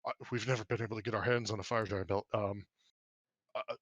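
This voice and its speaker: A man's voice: fairly low pitch, steady tone, fairly quick, a bit bright, slight background noise, natural voice. A man voicing a flustered dwarf merchant who stammers as he haggles.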